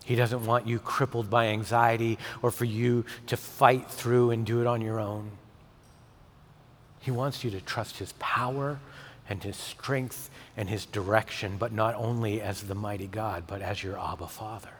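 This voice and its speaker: A male pastor delivering a sermon, swinging from emphatic peaks to soft, intimate tones. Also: lowish voice, fairly even intonation, unhurried, slight background noise. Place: church sanctuary. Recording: long hall reverb.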